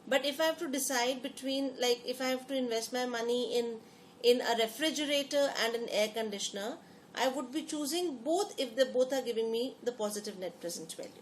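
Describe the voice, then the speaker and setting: A woman gives a lecture to her class in a slightly high voice. She repeats key phrases and keeps asking the students questions. A faint hiss sits under the recording. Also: fairly quick. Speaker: teacher.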